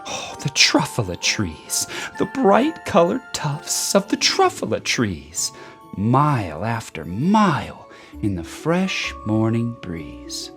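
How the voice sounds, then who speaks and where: Low slow storybook reader woman. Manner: expressive, rhyming storytelling. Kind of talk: children's book read-aloud. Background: soft background music.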